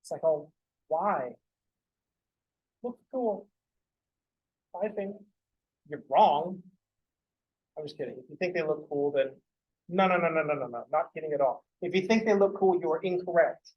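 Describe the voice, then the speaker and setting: A man's voice: on the high side, fairly quick, highs cut off. Joking, rambling young male math lecturer. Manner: joking, rambling, swears casually. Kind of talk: casual classroom lecture with joking asides. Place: classroom.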